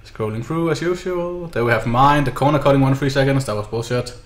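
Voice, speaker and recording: A man's voice: mid-range voice, brisk, echoey room. Sarcastic man streaming a race. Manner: sarcastic, swearing, self-mocking. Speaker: sim racing streamer. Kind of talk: casual gameplay commentary.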